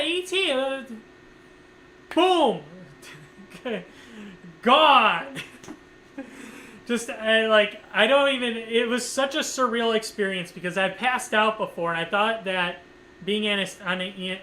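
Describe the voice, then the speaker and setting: A man with a high, bright, ringing voice tells a story casually to his viewers. He rambles, leans on filler words and swears freely. A faint hum sits under the recording. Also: fairly even intonation, moderate pace, rough recording. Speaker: streamer.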